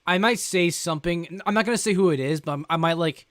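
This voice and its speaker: A man co-hosting a live sports draft reaction, excitable and emphatic, repeating himself when worked up. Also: fairly high pitch, fast talker, dry recording, clean studio sound. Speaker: sports show co-host.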